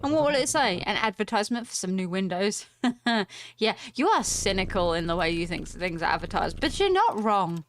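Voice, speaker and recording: A woman's voice: mid-range voice, animated, moderate pace, slight background noise. A woman with a British accent commentating casually on a video game, chatty and playful as she reads the game's text aloud. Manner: chatty and playful, with frequent giggles and asides. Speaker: gaming video host. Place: at home.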